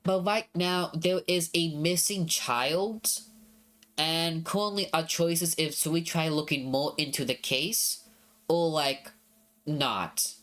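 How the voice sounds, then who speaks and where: A woman's voice: low-pitched, takes it slowly, fairly bright tone. A woman streamer explaining a game to chat in a rambling, apologetic way, swearing casually.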